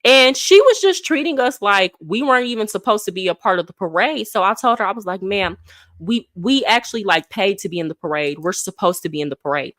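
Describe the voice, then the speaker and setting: A woman on a livestream who tells a story casually and acts out the people she quotes in lively voices. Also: mid-range voice, dry recording, studio quality. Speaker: livestream host.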